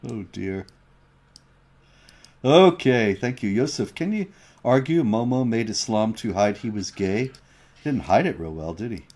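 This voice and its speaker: A man's voice: fairly low pitch, animated, measured pace, pauses often, a little mellow. A man co-hosting a livestream, explaining points emphatically and reading out viewer chat comments. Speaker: co-host of a livestream show.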